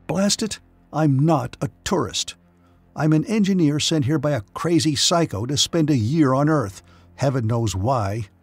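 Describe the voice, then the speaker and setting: A man's voice: on the high side, moderate pace, creaky, darkish tone, dry recording, soft background music. A man voicing a worn-out engineer who speaks wearily and with irritation. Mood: irritated. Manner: tired, weary delivery. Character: weary, irritable male engineer.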